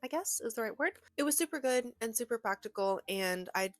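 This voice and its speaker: A woman's voice: fairly high pitch, animated, fairly quick, no echo, soft background music. A young woman in casual chat about books she read, talking in a gushing, rambling way with many fillers and restarts, from her bedroom. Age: young adult. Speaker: book vlogger.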